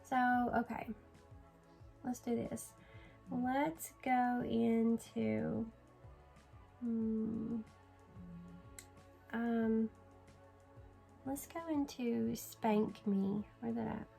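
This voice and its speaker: A woman's voice: on the high side, fairly even intonation, very slow, creaky, pauses often, dark tone, soft background music, low-quality recording. A woman filming a casual makeup tutorial at home, chatty and sleepy, yawning and apologizing as she talks. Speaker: beauty vlogger.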